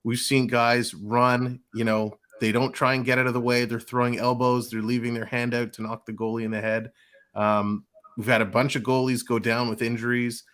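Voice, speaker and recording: A man's voice: mid-range voice, level tone, moderate pace, fairly bright tone. A man co-hosting a hockey show, steadily laying out frustrated criticism in casual sports chat.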